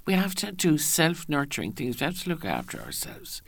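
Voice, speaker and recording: A woman appearing as a guest on a radio interview speaks in a low, creaky voice with wildly swooping pitch and a brisk pace. She's chatty, often restarts sentences, and acts out the voices she quotes.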